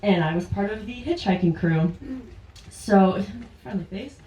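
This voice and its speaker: A woman's voice: mid-range voice, measured pace, warm tone, lo-fi sound. A woman from Ontario, Canada, telling a true personal story live on stage in a chatty way and often laughing through her words. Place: indoor stage at a small live venue. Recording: roomy, distant live-venue sound.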